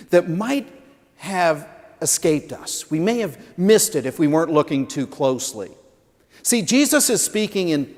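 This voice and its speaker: A man preaching a sermon, telling stories and swinging from loud emphasis to hushed lines. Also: a little high. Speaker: pastor. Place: large stone church sanctuary. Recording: long church reverb.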